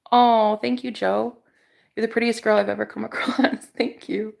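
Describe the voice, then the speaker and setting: A woman's voice: on the high side, flat delivery, moderate pace, creaky. A young woman livestreaming, ranting sarcastically at viewers in chat, swearing and laughing as she talks. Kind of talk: casual livestream rant to chat.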